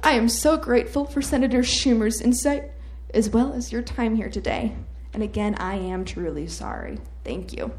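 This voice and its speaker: A woman performing stand-up on a comedy stage, telling a story with deadpan mock-earnest delivery into a handheld mic. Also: fairly high pitch, moderate pace, noisy background. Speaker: comedy debate contestant. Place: comedy stage with live audience.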